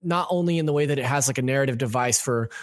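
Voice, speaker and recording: A man's voice: medium pitch, quick pace, dry recording, clean studio sound. A man on a podcast, chatting casually and enthusiastically in a loose, rambling way. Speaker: podcast co-host.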